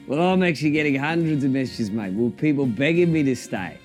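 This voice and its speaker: A comedian doing a cocky rugby coach. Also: male voice, mid-range voice, animated, fairly quick, a little mellow, faint music behind, natural voice. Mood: defiant. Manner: defensive and cocky, tacks "mate" onto everything. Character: brash, touchy older male rugby coach. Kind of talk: comedy impression sketch.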